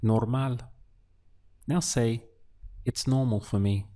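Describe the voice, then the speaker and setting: Slow, patient male language teacher. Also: mid-range voice, fairly even intonation, warm tone. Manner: patient, syllable-by-syllable drilling with pauses. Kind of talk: slow, deliberate language lesson.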